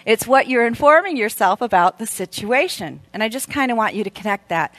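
A woman in her fifties speaking at a women's church event, telling a story in an animated way and laughing often. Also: on the high side, fairly quick, no room sound.

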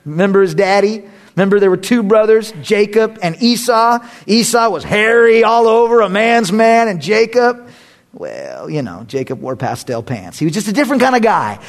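A man's voice: high-pitched, very animated, moderate pace. A man preaching a sermon as a pastor, joking and conversational, often breaking into laughter.

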